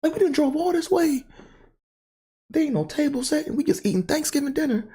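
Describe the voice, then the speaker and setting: A man's voice: very high-pitched, animated, brisk, warm tone, pitched above the performer's own voice. A man voicing his exasperated, indignant middle-aged mother, who complains in a raised, profane voice.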